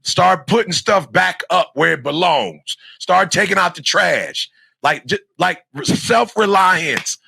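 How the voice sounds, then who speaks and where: A man's voice: high-pitched, expressive, slow pace, vocal fry, bright, forceful tone, slightly rough, no echo, studio quality. A middle-aged man giving an emphatic, repetitive motivational talk to young students, like a preacher. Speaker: motivational speaker.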